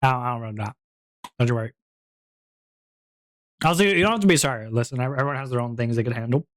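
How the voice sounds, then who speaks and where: Playful rambly streamer chatting w/ chat, giggles a lot, mid pitch, dry close mic. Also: quick pace, no echo.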